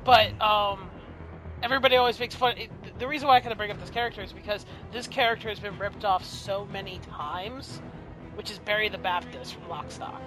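A man's voice: sits high, a little fast, over music, low-quality recording. A man co-hosting a podcast, rambling in casual chat with many hedges. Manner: rambling, hedging with fillers.

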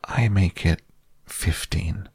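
A man reading a storybook aloud, voicing a gentle, humble, slow-witted male bear. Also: low-pitched, slightly rough, dry recording, studio quality, full character voice.

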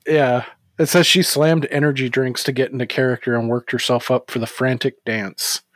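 A man's voice: mid-range voice, level tone, moderate pace, fairly bright tone, no echo, clean studio sound. A man co-hosting a podcast in casual chat, cursing freely and laughing easily. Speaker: podcast co-host.

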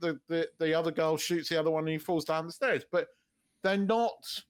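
A man chatting on a podcast, his voice sitting a little high for a man. He rambles through restarts, swears freely and breaks into laughter often. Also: normal speed, clear, resonant tone. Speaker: podcast co-host. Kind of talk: casual chat.

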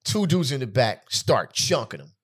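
Husky and mid-range, this thirty-something man's voice moves at a moderate pace as he co-hosts a relaxed podcast. He's an animated storyteller, sharing comic travel tales and laughing frequently.

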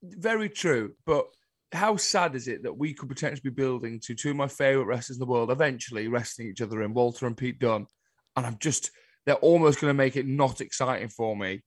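A man co-hosting a casual wrestling podcast, ranting with exasperation and jumping into high, incredulous outbursts. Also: a little fast, breathy edge, no room sound, clean studio sound. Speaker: podcast co-host.

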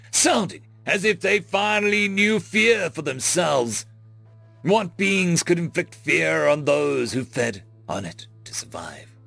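A man narrating a story in a measured, expressive storytelling style. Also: a little high, vocal fry, no echo.

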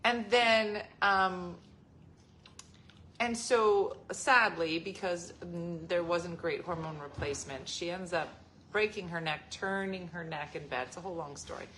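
A woman's voice: fairly low pitch, unhurried, slight background noise. A woman in her forties hosting a casual chat, telling family stories with lots of laughter. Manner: laughing, animated storyteller. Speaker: host.

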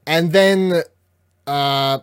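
A man's voice: fairly high pitch, very slow, clear, resonant tone, dry recording, clean studio sound. A man co-hosting a casual episode recap, rambling, swearing freely and acting out the characters' lines. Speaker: podcast co-host.

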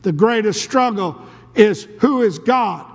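A male preacher telling a story dramatically in a sermon, dropping to a hush and then rising to a shout. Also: high voice, expressive, takes it slowly, vocal fry. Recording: long reverb of a large hall.

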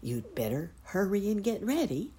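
Brisk, fussing muskrat housekeeper lady from a storybook, as a woman puts her on, pitched up high. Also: very animated, warm tone, a little hiss or hum, natural voice.

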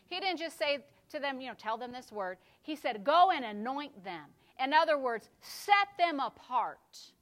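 A woman pastor preaching a sermon, dropping to a hush and then building to loud, fervent exhortation. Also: sits high, sing-song, unhurried, hardly any pauses.

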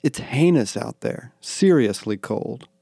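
A man's voice: medium pitch, animated, slow, gravelly, warm tone, husky, no room sound, studio quality, full character voice. Man doing a laid-back teenage punk boy.

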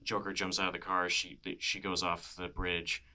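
Low, bright-voiced man chatting casually. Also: monotone, normal speed. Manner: rambling, many "you know" fillers, laughs often. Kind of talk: casual film chat.

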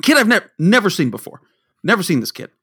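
A man's voice: high-pitched, big pitch swings, fast talker, vocal fry, pushed and bright, slightly rough. A man telling a story in casual chat, rambling and swearing, stumbling over his words and restarting often. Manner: rambling, profane, stammers and restarts.

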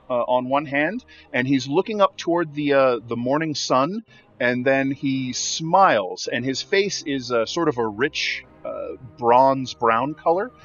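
A man's voice: medium pitch, fairly bright tone, lo-fi sound. Man narrating as game master. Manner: descriptive, filler-heavy narration.

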